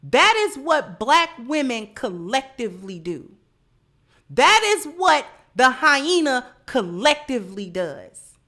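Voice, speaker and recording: A woman with a high, bright voice delivers livestream commentary at an unhurried pace. She lectures by repeating rhetorical questions, each one pressing the point again. Her tone stays sharp and emphatic throughout. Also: very animated. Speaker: online commentator.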